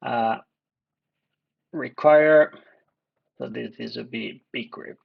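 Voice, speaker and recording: Male coding tutor, slow and halting, gravelly, muffled lo-fi sound. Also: medium pitch. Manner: halting, many fillers and restarts, thinks aloud. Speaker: coding instructor. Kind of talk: screen-recorded coding tutorial. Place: dark room at a computer.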